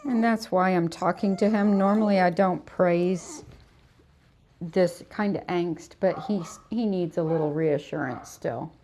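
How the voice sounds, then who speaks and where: A middle-aged woman who grooms dogs chats on a livestream while working in her salon, calming the dog and sharing stories. Her voice is lowish and mellow, her pace measured, and there's a little hiss or hum.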